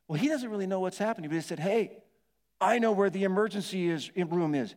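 A middle-aged male pastor telling a dramatic personal story in a sermon, acting out his own shouts and moans. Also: high voice, fast, big-room sound. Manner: animated storytelling, acts out yelling and moaning.

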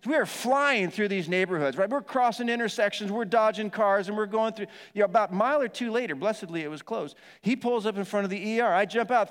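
A middle-aged male pastor with a somewhat high voice tells a wild personal story from the pulpit, shouting and groaning as he acts out each moment. His words ring out through a big hall with a long echo. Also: fast talker, hardly any pauses, smooth. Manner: animated storytelling, acts out yelling and moaning. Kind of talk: storytelling sermon.

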